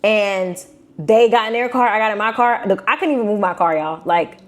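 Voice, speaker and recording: A young woman from Brooklyn with a New York accent, telling a personal story to her viewers in a casual, animated, slangy way. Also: mid-range voice, brisk. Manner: animated, slangy, acts out quotes in shifting voices. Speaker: vlogger.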